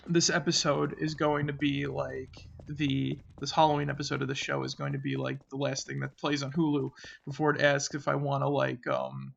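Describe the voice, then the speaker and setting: A man with a deeply gravelly, creaky voice tells a story of a frightening night in a rambling, halting way, full of restarts and filler. His voice sinks to a murmur when he recalls his own fearful thoughts. The recording is a bit muffled with faint background noise. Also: fairly bright tone. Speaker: channel host. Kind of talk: casual storytelling.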